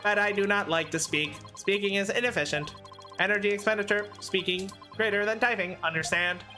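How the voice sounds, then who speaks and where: A woman voicing a male bomb disposal expert who talks in a flat, clipped, robot-like monotone. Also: medium pitch, a little fast, soft background music, lightly acted. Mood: deadpan. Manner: clipped, terse, mechanical phrasing. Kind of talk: reading game dialogue aloud.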